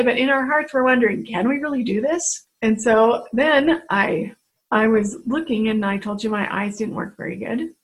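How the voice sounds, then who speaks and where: A woman's voice: a little high, rough recording. Earnest woman telling faith stories. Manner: earnest, storytelling, acts out quoted voices. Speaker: faith-based speaker addressing women. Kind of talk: personal devotional talk.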